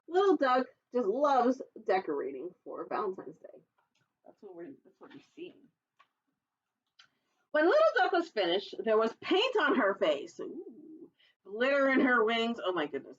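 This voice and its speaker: A woman children's librarian reading a picture book aloud for storytime, with playful, chatty asides to young listeners and squeaky animal calls. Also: big pitch swings, normal speed, lo-fi sound.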